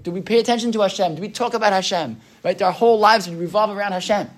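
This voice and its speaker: A male Torah teacher's voice sits high as he leads an easygoing class. He talks loosely, keeps asking "right?", and takes on the voices of the people in his stories.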